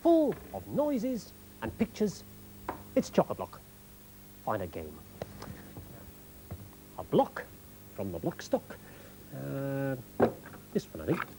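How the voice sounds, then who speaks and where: A children's television presenter talking slowly and coaxingly to young viewers, making animal noises in a sing-song manner. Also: mid-range voice, wildly swooping pitch, mellow, a little hiss or hum, rough recording.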